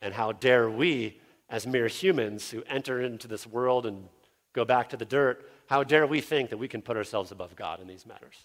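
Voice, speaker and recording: Earnest male pastor preaching a sermon. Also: normal speed. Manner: earnest, drops low for scripture and rises when voicing objectors. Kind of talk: expository sermon.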